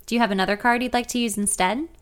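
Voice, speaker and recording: A woman's voice: a little high, fairly even intonation, rapid-fire, natural voice. Woman doing an apologetic male store clerk, polite and awkward, in a memoir audiobook. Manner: polite, uncomfortable. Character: apologetic male gas station teller.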